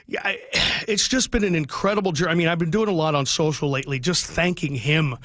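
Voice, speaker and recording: Middle-aged guy on the radio, bright tense voice, heartfelt rambling, dry studio sound. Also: a little high, no echo. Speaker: radio sports broadcaster, guest. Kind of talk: emotional radio interview.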